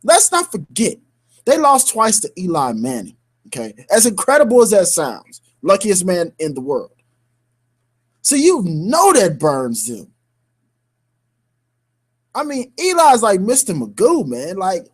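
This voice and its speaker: A man's voice: sits high, wildly swooping pitch, a little slow, long pauses, breathy edge. A man co-hosting a sports radio show, ranting heatedly in slang-filled talk with bursts of laughter.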